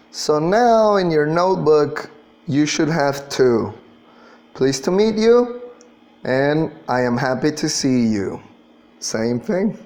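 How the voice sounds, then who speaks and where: A man's voice: a little high, a little mellow. A man teaching an English class, patiently drilling pronunciation and spelling words out letter by letter. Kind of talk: classroom lesson.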